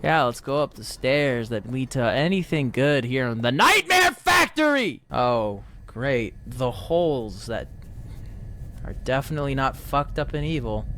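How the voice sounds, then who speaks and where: A man's voice: mid-range voice, very animated, measured pace, bright, forceful tone, slight background noise. A man giving let's play commentary in a sarcastic, exasperated way, swearing often. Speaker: gaming video creator.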